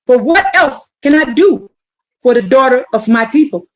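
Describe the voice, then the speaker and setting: A woman teaching a streamed bible class, reading scripture and preaching it out in slang, building to shouts. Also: high-pitched, animated, normal speed.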